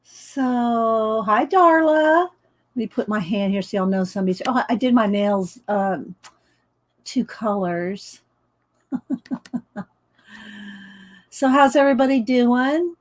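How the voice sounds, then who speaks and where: Slow, chatty woman. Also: on the high side. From American South. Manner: chatty, laughs often, greets viewers by name. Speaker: art livestream host. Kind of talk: casual live-stream chat. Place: home studio with windows open.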